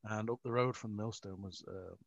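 A middle-aged man appears as an interview guest in a casual chat, rambling with restarts, mocking himself and chuckling often. His lowish, gravelly voice moves at a moderate pace in a dull, lo-fi recording with no echo.

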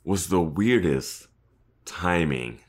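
A man with an extremely deep voice, chatting casually on a podcast as he breaks down an episode. He is wry and analytical, and he chuckles now and then. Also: lively intonation, takes it slowly. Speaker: podcast co-host. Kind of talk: casual chat recapping a TV episode.

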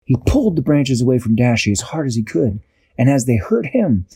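A man improvising a bedtime story, animated and acting out characters, with occasional restarts. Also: medium pitch, brisk, slightly rough, dry recording.

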